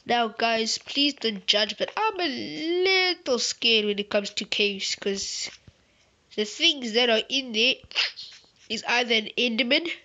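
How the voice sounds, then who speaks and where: A woman's voice: a little high, animated, slow, sharp tone. A woman host giving rambling, playful, chatty commentary while she plays a game. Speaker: gaming channel host. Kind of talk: gameplay commentary. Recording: slightly muffled with faint hiss.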